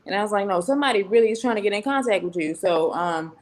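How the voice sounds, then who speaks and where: A woman telling a story about a bad date, lively and casual. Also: medium pitch, quick pace. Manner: animated storytelling with acted quotes. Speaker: panel guest.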